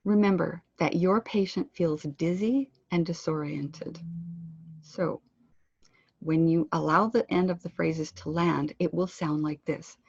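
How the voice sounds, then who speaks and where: A Canadian woman leads a pronunciation lesson at a web conference, giving a clear instructive delivery and stretching words out for drill practice. Her voice sits low, with a gravelly, husky texture. The sound is dry and dull, like lo-fi web conference audio. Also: steady tone, a little slow, a little mellow, no room sound. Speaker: pronunciation teacher.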